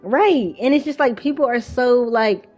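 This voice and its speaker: A woman's voice: a little high, normal speed, a little mellow, faint music behind. Chatty young woman telling a story. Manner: chatty, rambling, frequent fillers. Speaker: vlogger. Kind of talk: casual storytime while playing a game.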